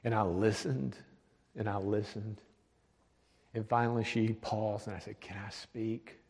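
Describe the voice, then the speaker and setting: A man, a pastor, telling a testimony story, dropping to a hush for the words of others. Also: lowish voice, level tone, measured pace, gravelly. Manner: drops to a hushed voice for quoted speech. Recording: long hall reverb.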